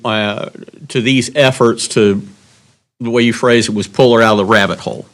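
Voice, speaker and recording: A man, an attorney, asking a witness measured, probing questions in a courtroom. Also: medium pitch, fairly even intonation.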